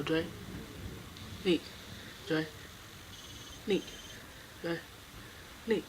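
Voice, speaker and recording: A high-voiced, lively young woman films herself in a downpour, laughing and breaking into loud exclamations. Her pitch swoops widely while her words come slowly. Heavy rain roars behind her handheld camera. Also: noisy background. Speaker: vlogger. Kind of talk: casual handheld vlog. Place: outdoors in a rainstorm, later in a car.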